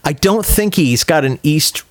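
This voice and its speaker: A man's voice: on the high side, lively intonation, a little slow, background noise. A man co-hosting a podcast in casual chat, joking and asking pointed questions. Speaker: podcast co-host.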